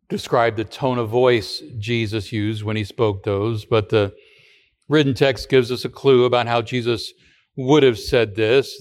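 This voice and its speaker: A man giving a radio sermon as pastor, talking in a conversational way with rhetorical questions and frequent restarts. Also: mid-range voice.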